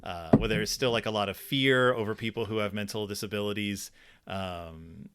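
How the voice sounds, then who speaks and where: A man's voice: fairly low pitch, moderate pace, smooth. A man co-hosting a casual book discussion podcast, thinking aloud with plenty of fillers and restarts. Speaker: podcast co-host.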